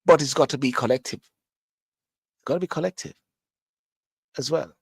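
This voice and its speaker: A man's voice: fairly high pitch, normal speed, vocal fry, slightly rough, dry recording. A man who grew up in Jamaica, with a Jamaican accent, hosting a show with a casual, rambling monologue full of restarts and repetition. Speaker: host. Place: London.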